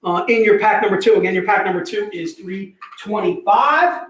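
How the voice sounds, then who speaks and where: High-voiced energetic man in an echoey room. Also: moderate pace. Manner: energetic, joking, repeats "all right". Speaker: livestream host selling comic packs. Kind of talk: casual sales livestream chat.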